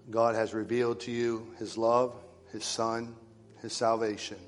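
A man preaching a sermon to his congregation, swinging from loud rising calls to hushed, whispered lines. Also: mid-range voice, flat delivery, a little slow, faint music behind. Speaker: pastor. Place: church sanctuary. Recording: long reverb of a church hall.

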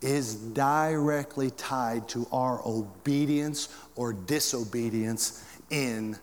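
A preacher in a reverberant hall. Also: male voice, slow pace. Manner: preaching with big swings in pitch and volume. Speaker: pastor. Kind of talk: sermon. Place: church.

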